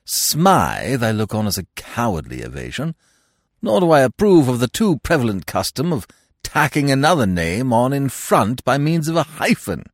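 A man reading the part of an elaborately polite young gentleman with a monocle, speaking in florid, mock-solemn phrases. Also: medium pitch, sing-song, moderate pace, no room sound, studio quality. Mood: urbane.

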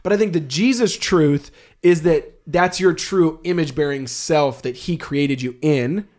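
A man's voice: a little high, measured pace, a little mellow. A man in his thirties co-hosting a casual faith podcast with his wife, talking in an earnest, reflective way with some joking. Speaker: podcast co-host.

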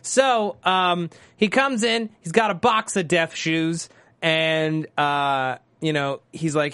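A woman's voice: on the low side, takes it slowly, a bit bright, clear, resonant tone, no echo. A woman co-hosting a podcast from the United States, recapping a TV episode in rambling, giggly casual chat and saying she is tired. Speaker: podcast co-host.

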